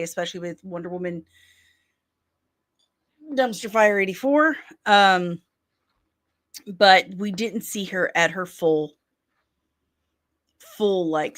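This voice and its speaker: A woman with a medium-pitched, slightly bright voice hosts a daily pop-culture chat show streamed casually. She reads viewer comments out loud and responds with frank, playfully sarcastic takes.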